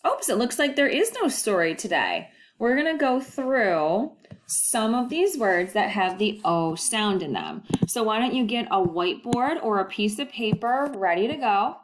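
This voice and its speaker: A woman teacher leads a recorded phonics lesson at an unhurried pace. Her voice swings widely in pitch as she draws out each model word. She sounds patient and encouraging, in a sing-song classroom manner. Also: very animated, a little hiss or hum. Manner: slow, deliberate, with drawn-out model words.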